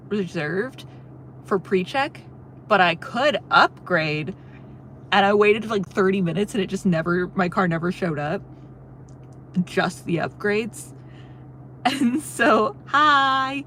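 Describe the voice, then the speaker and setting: On a road trip, a young woman livestreams from her car and chats casually with viewers, reading their messages. Her voice is middling in pitch with a fairly bright tone, and she laughs often while telling a rambling story over a faint hum of noise.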